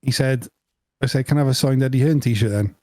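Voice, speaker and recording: A man co-hosting a podcast, telling an animated story through laughter in casual chat. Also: mid-range voice, a little fast, dry recording. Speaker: podcast co-host.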